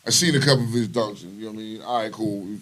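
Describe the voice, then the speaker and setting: A man's voice: lowish voice, rapid-fire, a bit bright. A man hosting a casual, uncensored talk show, swearing freely and hyping up his segment introductions. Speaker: podcast host.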